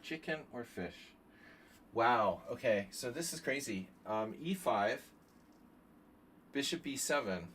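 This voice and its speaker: A man streaming chess, chatting casually and thinking out loud with joking asides to his viewers. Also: mid-range voice, animated, a little slow, slight background noise. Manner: chatty, thinking aloud, jokey asides to chat. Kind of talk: casual live-stream commentary.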